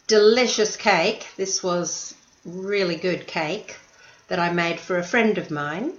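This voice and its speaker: A woman teaching an English lesson, speaking slowly and clearly and patiently stressing syllables. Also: medium pitch, echoey room, highs cut off.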